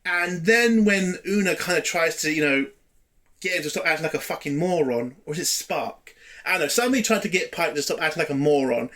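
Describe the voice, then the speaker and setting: A man's voice: on the high side, expressive, a little fast, fairly bright tone. A man giving a casual spoken review of a TV episode, blunt and exasperated, swearing freely.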